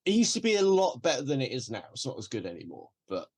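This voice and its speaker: A man co-hosting a casual podcast. His pitch is lively and bouncy, and he laughs freely. His sentences often trail off into a quiet mumble. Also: fast talker, slightly rough. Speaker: podcast co-host. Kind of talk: casual chat.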